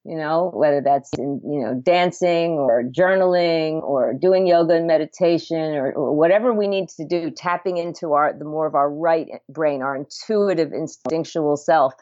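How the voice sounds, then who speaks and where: A middle-aged home birth midwife speaks earnestly as a guest in a podcast interview, her low, warm voice at a moderate pace with few pauses. She frequently restarts her words and laughs, and the recording is dry with a dull lo-fi sound.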